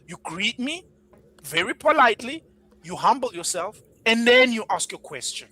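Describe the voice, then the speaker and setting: A man's voice: very high-pitched, sing-song, moderate pace, bright, forceful tone. A man from Africa, earnestly explaining his view at length on a casual panel debate and often repeating himself. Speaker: panel guest.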